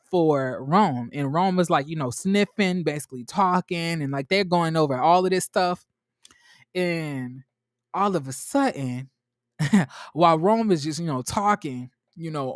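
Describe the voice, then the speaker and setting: A man hosting a casual TV recap vlog, retelling scenes in an animated, gossipy way and acting out quotes. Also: a little high, no room sound, studio quality. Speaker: TV review host.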